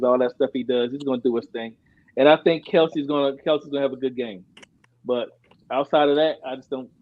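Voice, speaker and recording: Halting man giving football picks, dull lo-fi sound. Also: medium pitch. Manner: halting, many "I think" restarts. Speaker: podcast co-host. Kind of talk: casual sports talk.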